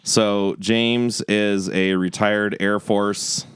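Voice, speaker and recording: A man's voice: on the low side, flat delivery, very slow, fairly bright tone, clear, resonant tone, no echo. A man from Montana hosting a podcast in casual chat, joking and often restarting his sentences. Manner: stammering restarts, joking, laughs easily. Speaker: podcast host.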